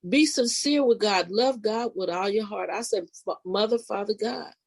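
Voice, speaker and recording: An expressive woman guest recounting a spiritual experience in a loose, informal way. Her pitch jumps sharply at dramatic points, and her phrasing is casual and full of restarts. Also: normal speed, vocal fry, rough recording. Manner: animated, expressive retelling with sudden pitch leaps. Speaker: podcast guest, spiritual life coach. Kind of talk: personal storytelling in a conversation.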